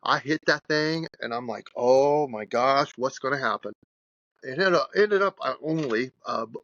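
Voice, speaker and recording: Gravelly, bright-voiced man in his sixties. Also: a little high, no room sound, dull audio. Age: 60s. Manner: animated, rambling storyteller with restarts. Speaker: guest strength coach. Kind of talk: storytelling in a podcast interview.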